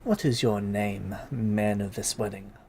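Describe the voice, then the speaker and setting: A man voicing a sly old female hag who presides over a wedding in a drawn-out whisper, in a tabletop game. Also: on the low side, steady tone, creaky, a little mellow, a little hiss or hum.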